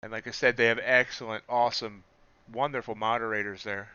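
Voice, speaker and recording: A man hosting a live trading stream, talking casually in a loose, rambling, self-deprecating way with a smooth radio-style voice. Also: mid-range voice, steady tone, brisk, sharp tone, no room sound, highs cut off. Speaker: livestream trading host.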